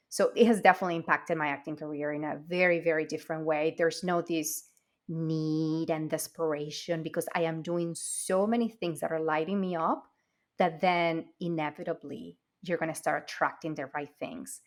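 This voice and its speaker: A woman's voice: fairly low pitch, moderate pace. A woman speaking English, a guest in an interview, upbeat and confident. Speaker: guest, acting coach. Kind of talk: casual interview chat.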